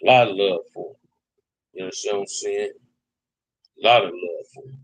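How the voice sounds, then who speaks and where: A man's voice: deep voice, a little fast, slightly rough, dry recording, poor audio. A man from Compton hosting a casual live stream, reading viewer comments and answering them in laid-back, slang-heavy talk that keeps ending on "man". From Compton, California. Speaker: livestream host.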